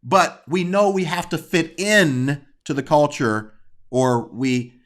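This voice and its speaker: Here a male discussion guest, voice somewhat high and a bit bright, keeps his intonation fairly even as he talks casually about a sensitive topic. Earnest yet hesitant, he repeatedly starts over mid-sentence while figuring out what he means.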